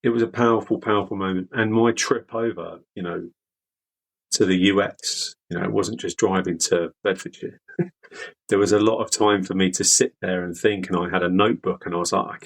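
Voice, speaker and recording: A man from the UK, a veteran guest, speaking candidly in an interview with halting, repeated words. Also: sits low, low-quality recording. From United Kingdom.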